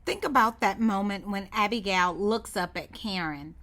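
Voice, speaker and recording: Bright-voiced woman narrating a training course. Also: mid-range voice. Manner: calm, measured instructional delivery. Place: studio voiceover.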